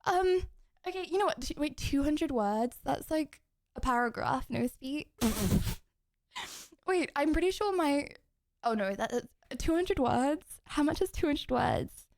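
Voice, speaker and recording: Bubbly high-voiced woman streamer. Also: animated, a little slow, vocal fry, darkish tone, no echo, clean studio sound. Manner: bubbly, giggly, cheering chat on. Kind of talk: casual live-stream chat.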